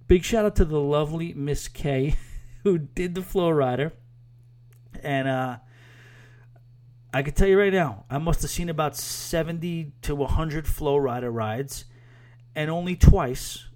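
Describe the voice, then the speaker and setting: A man's voice: medium pitch, a little mellow. A man hosting a podcast, giving a casual spoken review in a rambling, chatty way with lots of fillers and restarts. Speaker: podcast host.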